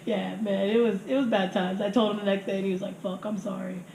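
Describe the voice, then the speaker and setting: A woman's voice: medium pitch, fast, gravelly. A woman in her thirties telling crude stories in casual chat, laughing often and acting out what people said. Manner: crude, laughing, animated storytelling with acted quotes. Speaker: podcast guest telling stories. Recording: echoey room with faint noise.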